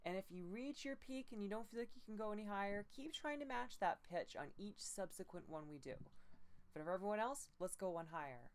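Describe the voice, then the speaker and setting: A woman voice coach with low energy, gently leading breathing and pitch exercises step by step. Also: expressive. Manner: slow, gentle step-by-step instruction with breathy demo sounds. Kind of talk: guided voice training exercises.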